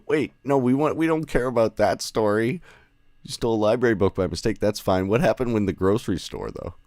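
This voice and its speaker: In studio quality with no room sound, a man hosts a podcast, casually talking with remote guests over an audio call. He rambles, self-corrects, and laughs often, in a lowish, darkish, expressive voice at a moderate pace.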